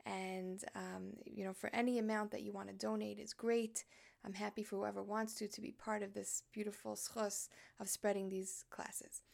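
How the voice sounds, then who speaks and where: A woman's voice: mid-range voice, little pitch movement, moderate pace, vocal fry, darkish tone. A woman giving a religious lesson, telling a personal story in an earnest, conversational way. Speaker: Torah teacher.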